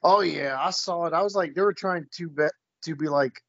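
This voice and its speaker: A man in casual chat with a friend, hesitant and halting. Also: on the high side, gravelly, a bit bright, no room sound, lo-fi sound. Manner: hesitant, many fillers and restarts. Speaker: friend in conversation.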